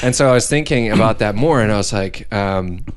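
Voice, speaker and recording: A young man hosting a podcast, telling animated stories in casual chat over beers. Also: fairly low pitch, a little fast, smooth. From Canada. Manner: animated storyteller who acts out quotes and laughs often.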